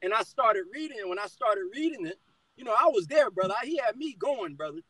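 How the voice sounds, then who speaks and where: A man's voice: high voice, sing-song, fast talker, sharp tone, dry recording, low-quality recording. A middle-aged man telling a personal testimony in conversation, fired up and calling the listener brother again and again.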